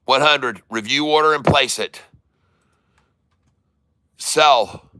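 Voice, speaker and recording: A man hosting a live day-trading stream, calling out prices and coaching viewers in an excitable, repetitive way. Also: mid-range voice, takes it slowly. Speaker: day-trading livestream host.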